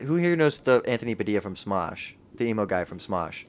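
A man's voice: on the low side, very animated, fairly quick. A young man co-hosting a casual podcast, cracking crude jokes, speaking into a handheld mic. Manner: jokey, crude humor. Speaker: podcast co-host. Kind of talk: casual chat.

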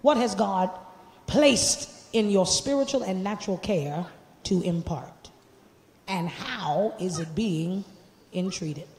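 High-voiced preacher shouting in an echoey church. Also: male voice, slight background noise. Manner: animated, shouting to a congregation, then dropping to quiet; joking, laughing asides in casual church slang. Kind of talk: sermon. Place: church sanctuary.

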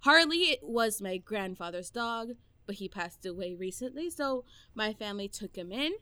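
A woman's voice: mid-range voice, animated, moderate pace, sharp tone, smooth, no echo. A woman from Puerto Rico, co-hosting a podcast in casual chat, talking freely and laughing easily. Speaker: podcast co-host.

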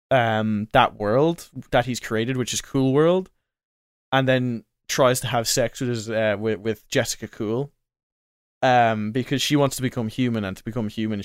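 A man's voice: medium pitch, clean tone, no echo, clean studio sound. A man co-hosting a casual podcast, rambling through a story with lots of fillers and restarts. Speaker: podcast co-host. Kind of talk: casual chat.

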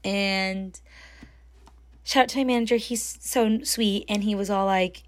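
A young woman telling a story in a casual, chatty way, full of fillers and animated when she quotes people. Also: medium pitch, measured pace. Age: young adult. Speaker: storytime host.

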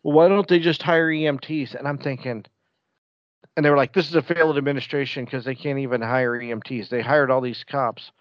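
A man who drives a bus, chatting casually and telling stories with jokes and lively quoted asides. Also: mid-range voice, fairly quick, no room sound, muffled recording. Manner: joking, animated storytelling. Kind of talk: casual chat.

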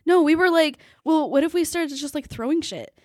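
A woman's voice: sits high, fairly quick, dry recording, clean studio sound. A young woman guest on a podcast, giggly and chiming in with short asides in casual chat.

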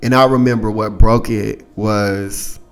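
Candid, low-voiced man telling a story. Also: measured pace, clear, resonant tone. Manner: candid, profane, animated when quoting others. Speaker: podcast host. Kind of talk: casual storytelling.

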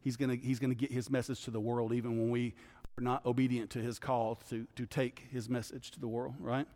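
A man's voice: medium pitch, flat delivery, brisk, warm tone. Man teaching a bible study, hall echo. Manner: conversational, keeps asking "right?". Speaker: guest pastor.

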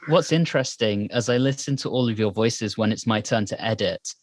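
A man's voice: on the low side, brisk, no echo, clean studio sound. A man from Britain co-hosting a podcast, chatting casually in a thoughtful, digressive way. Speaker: podcast co-host and editor. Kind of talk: casual chat.

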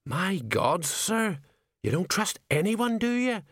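A jittery middle-aged watch sergeant, as a male reader puts him on, his voice pushed up high and swooping with worry. He frets and protests in a storybook reading, dry and close. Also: very animated, slow, fairly bright tone, breathy edge, no echo, exaggerated voice. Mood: aghast. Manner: worried, protesting questions. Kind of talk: audiobook character voice.

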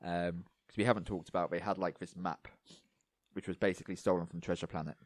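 A man co-hosting a casual podcast chat, rambling with lots of fillers and going a little hoarse. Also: sits low, fairly even intonation, fast, dry recording. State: losing his voice, coughing. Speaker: podcast co-host.

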